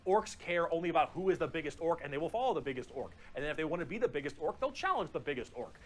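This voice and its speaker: This is a man with a somewhat high voice, explaining something in a casual, goofy way. He gets carried away with enthusiasm and swears without thinking about it. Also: racing, slight background noise. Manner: excitable, swears freely, jokey. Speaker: explainer of a video being reacted to. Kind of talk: casual lore explainer commentary.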